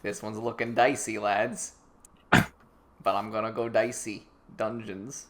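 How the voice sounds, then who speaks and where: A man's voice: on the low side, level tone, takes it slowly, very noisy. A man on a casual group podcast, teasing the others with wry remarks. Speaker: podcast panelist.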